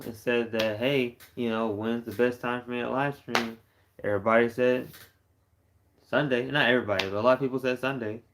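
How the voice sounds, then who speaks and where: A man's voice: on the low side, a little hiss or hum. Tired, rambling young man streaming late. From Texas. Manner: rambling, relaxed, repeats himself. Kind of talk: casual late-night live stream chat.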